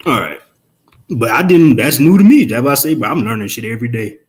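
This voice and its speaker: A man ranting on a casual live stream, profane and emphatic, firing off rhetorical questions in quick rambling bursts. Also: mid-range voice, expressive. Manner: fast rambling outbursts.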